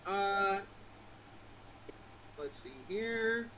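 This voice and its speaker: A man's voice: high voice, very slow, pushed and bright, a little hiss or hum, rough recording. A man narrating as game master in a chatty way, laughing often and using lots of fillers.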